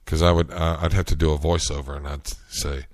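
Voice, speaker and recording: A North Carolina man with a Southern US accent hosts a loose solo podcast, chatting through stories in a relaxed way with frequent restarts. His very low voice moves fairly quickly, and the recording is dry with no room sound.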